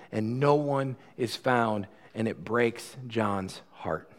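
A man preaching a sermon in a conversational style, swinging from loud, fast passages to quiet, slow ones. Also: mid-range voice, steady tone. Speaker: pastor.

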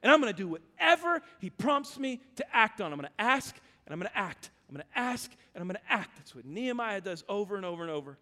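A man from Louisiana preaching a sermon, telling stories and swinging between loud urgent calls and hushed, low passages. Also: big pitch swings, fast, few pauses. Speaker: pastor. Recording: long hall reverb.

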